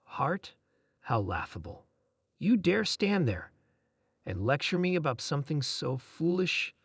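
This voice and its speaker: A mocking alien warrior, read by a man who taunts with scorn. The pitch rises and falls a lot, and the sound is dry and close. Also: big pitch swings, measured pace, gravelly, breathy edge, no room sound, full character voice. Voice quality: harsh growling laugh in the text.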